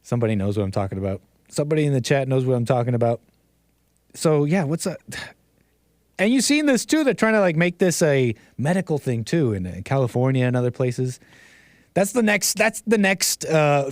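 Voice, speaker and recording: A man's voice: mid-range voice, lively intonation, moderate pace, darkish tone, no echo, clean studio sound. A man hosting a livestream, ranting and joking in casual commentary, laughing often. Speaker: streamer host.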